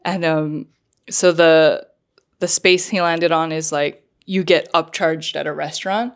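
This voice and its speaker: A woman's voice: deep voice, steady tone, unhurried, clear, resonant tone. A woman co-hosting a podcast, casually retelling a story with lots of fillers and laughs. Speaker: podcast co-host. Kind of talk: casual chat.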